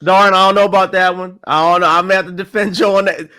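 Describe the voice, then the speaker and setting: A man's voice: sits high, steady tone, fast, pushed and bright. A man talking politics in a casual chat, stressing points by repeating them. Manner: emphatic, repeats phrases for stress.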